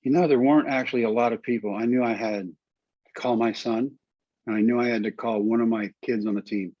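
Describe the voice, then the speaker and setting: A middle-aged man telling his story as an interview guest, lively and quoting others in voices. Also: mid-range voice, a little fast, no echo, highs cut off. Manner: animated storyteller, quotes people in voices. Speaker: guest, former pitcher.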